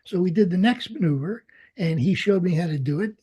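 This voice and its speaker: An older man recalls his flight training in a relaxed, husky voice. He tells his stories with energy, acting out the dialogue and laughing as he goes. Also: high-pitched, a little fast. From United States. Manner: animated storyteller, acts out quoted dialogue, laughs often. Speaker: interviewee, Vietnam veteran pilot. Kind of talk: storytelling in an oral history interview.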